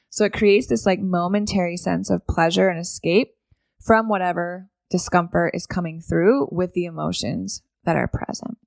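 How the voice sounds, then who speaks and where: A woman's voice: on the low side, vocal fry, dry recording, clean studio sound. A woman hosting a solo podcast, talking casually and often asking "right?" to keep the listener with her. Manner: conversational, keeps asking "right?". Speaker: podcast host.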